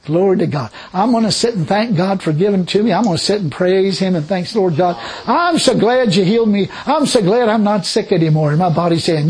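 A man's voice: sits high, lively intonation, brisk, hardly any pauses, a little mellow, breathy edge. A man preaching a sermon, emphatic and repetitive, breaking into praise exclamations and laughter between points.

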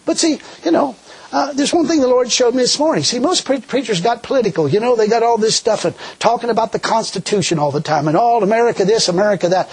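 A middle-aged man preaching a sermon in a folksy, animated way, laughing often. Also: very high voice, fast, breathy edge, poor audio.

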